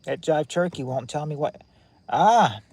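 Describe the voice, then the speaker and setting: A man's voice: medium pitch, moderate pace, darkish tone. Man, livestream host, casual chat with viewers, rambling, chatty, indoors at home. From United States. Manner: rambling, chatty, restarts often. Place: at home indoors with lights on at night.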